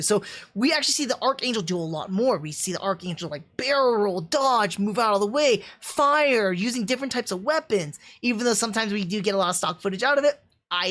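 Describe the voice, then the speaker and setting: Chatty woman reviewing anime on stream. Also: on the high side. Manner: excited, chatty, many fillers and restarts. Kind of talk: casual livestream review.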